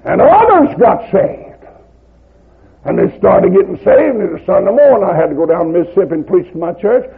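An older man with a Southern American accent preaching a revival sermon, telling stories in a rhythmic cadence that climbs to shouts. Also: high-pitched, very animated, a little fast. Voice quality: gravelly, husky voice. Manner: rhythmic, rising to shouts at climaxes. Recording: lo-fi phone-like old tape.

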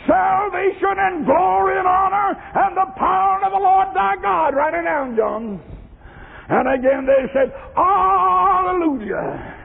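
High, gravelly whooping preacher man. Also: lively intonation, a little slow. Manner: rising into shouted, sung whooping. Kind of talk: chanted sermon. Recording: tinny lo-fi recording in echoing hall.

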